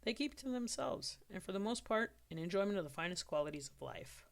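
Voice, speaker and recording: A middle-pitched storyteller reads an unpolished story draft aloud. The reading is steady and plain, with now and then a stumble and a quick fix. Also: vocal fry. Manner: steady reading with occasional self-corrections. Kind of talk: storybook narration.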